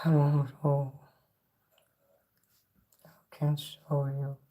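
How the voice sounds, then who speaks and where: A man's voice: fairly high pitch, monotone, extremely slow, mellow. Rambling, swearing man livestreaming. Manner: rambling and profane, talks straight to chat. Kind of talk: casual livestream chat with viewers. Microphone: phone.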